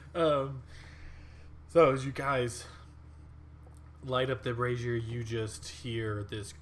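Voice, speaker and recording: A man's voice: mid-range voice, steady tone, very slow, long pauses. A man narrating as dungeon master, rambling with fillers and frequent laughs. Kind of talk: narrating a tabletop game.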